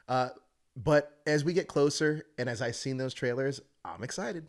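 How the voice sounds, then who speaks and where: A man in his thirties hosting a podcast, chatting casually and joking around. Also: mid-range voice. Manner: animated, jokey, quick to put on silly voices. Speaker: podcast host. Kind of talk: casual chat.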